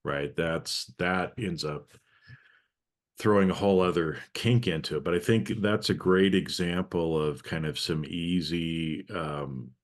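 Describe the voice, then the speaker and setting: Male host, very low voice, casual rambling delivery, many fillers. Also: unhurried. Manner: loose, meandering, frequent fillers. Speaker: podcast host. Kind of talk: casual conversation.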